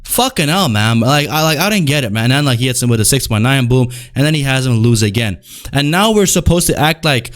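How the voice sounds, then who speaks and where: A man's voice: a little high, lively intonation, brisk. A young man hosting his own wrestling commentary, ranting casually with exasperation and lots of slang. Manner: exasperated, slangy, repeats "bro".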